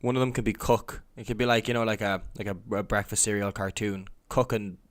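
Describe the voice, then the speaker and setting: A man's voice: lowish voice, fairly even intonation, fairly quick. A man hosting a casual group podcast, laid-back and joking, swearing now and then. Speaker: podcast host.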